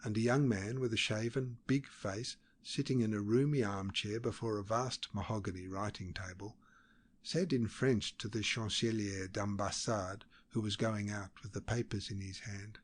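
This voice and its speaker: Low-voiced male audiobook narrator. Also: fairly even intonation, normal speed. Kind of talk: scripted narration of a classic novel.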